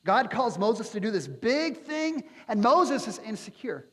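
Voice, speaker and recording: High-voiced animated pastor. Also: male voice, a little slow. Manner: animated, acts out quotes with playful asides. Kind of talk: sermon. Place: church sanctuary. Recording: long church reverb.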